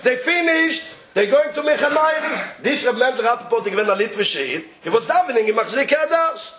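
A man with a very high voice and a strong Yiddish accent tells a rabbinic tale in an animated, chuckling way. His English is sprinkled with Yiddish and Hebrew words, and the room around him is echoey. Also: brisk, a little hiss or hum. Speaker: storyteller.

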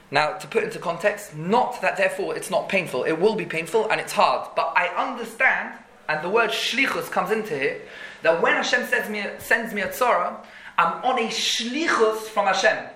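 Male Torah teacher, bright and emphatic, asks rhetorical questions; echoey room. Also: sits high. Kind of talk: Torah class.

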